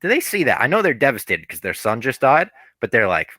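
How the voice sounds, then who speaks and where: A man's voice: medium pitch, wildly swooping pitch, a little fast, sharp tone, no echo. A man co-hosting a casual podcast, laid-back as he recaps the plot, swearing now and then. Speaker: podcast co-host. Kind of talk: casual chat.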